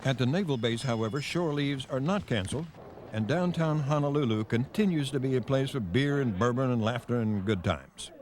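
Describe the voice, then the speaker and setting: A man narrating a television news documentary in a measured, grave scripted delivery. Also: mid-range voice, lively intonation, a little mellow. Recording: faint noise on a VHS broadcast.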